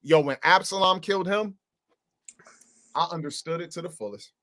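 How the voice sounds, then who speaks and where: A man's voice: fairly high pitch, moderate pace, bright, forceful tone, no echo. A man teaching the Bible in a casual, slangy and emphatic way.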